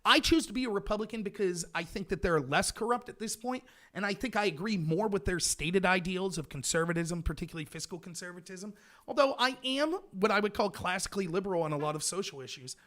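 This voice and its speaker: A man's voice: high voice, quick pace, a bit bright. A man hosting a political livestream, ranting sarcastically while answering his chat. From United States. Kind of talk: livestream commentary reading chat.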